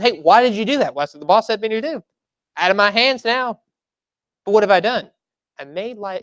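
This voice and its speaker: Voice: medium pitch, dry recording, clean studio sound. A preacher giving a sermon at a church service, telling stories in a conversational way and stressing points with repeated phrases.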